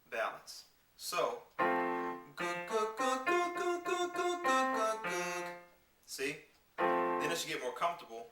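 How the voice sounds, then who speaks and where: A man giving a singing lesson, explaining clearly and demonstrating vocal scales on simple syllables. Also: fairly high pitch, pushed and bright, recorded from a distance. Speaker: singing teacher. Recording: roomy sound with piano behind. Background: piano accompaniment.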